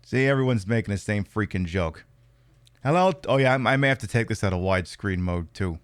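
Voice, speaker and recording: A man's voice: on the low side, animated, fairly quick, dry recording. Joking, crude male game streamer. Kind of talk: casual live-stream commentary.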